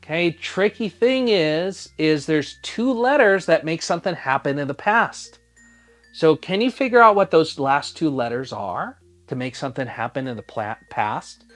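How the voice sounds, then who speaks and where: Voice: medium pitch, expressive, normal speed. A teacher giving a phonics spelling lesson for young children, sounding out each letter patiently and asking the listener to spell along.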